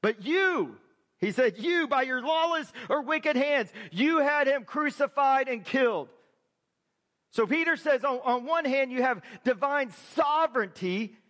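A man preaching a sermon as a pastor, conversational with quick asides to the congregation. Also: extremely high pitch, lively intonation, a bit bright, big-room sound.

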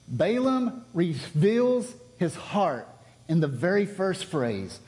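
A pastor preaching a sermon, telling a story with lively swings between loud and hushed delivery. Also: male voice, fairly high pitch, unhurried. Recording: long reverb of a large hall.

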